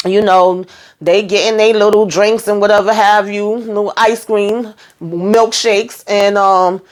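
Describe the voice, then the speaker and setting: A woman's voice: mid-range voice, flat delivery, a little slow. A woman vlogger giving a casual, sassy episode recap, chatty and swearing freely.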